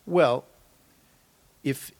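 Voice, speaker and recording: A man, a guest on a studio podcast, explaining a topic in a measured way with wry asides. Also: a little mellow. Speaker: guest expert. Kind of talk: explanatory interview talk.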